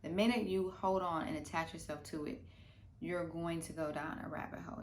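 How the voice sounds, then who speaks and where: A woman vlogger giving casual, playful meditation advice, full of slang, swinging from lively bursts to soft murmurs. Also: deep voice, moderate pace, slight background noise. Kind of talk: casual instructional talk. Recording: roomy room echo.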